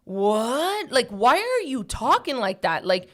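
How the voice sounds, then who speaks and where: A woman's voice: on the high side, big pitch swings, takes it slowly. A woman in casual podcast chat, talking emphatically and bluntly, repeating phrases for stress.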